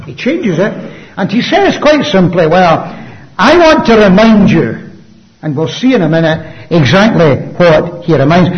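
A man preaching a sermon emphatically, with rhetorical questions and swings between loud and hushed delivery. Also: sits high. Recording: dull lo-fi sound.

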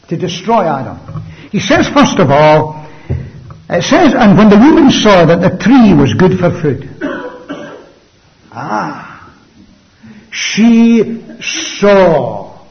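A man with a high-pitched voice preaches a sermon emphatically, using rhetorical questions and swinging between loud and hushed delivery. The recording sounds dull and lo-fi.

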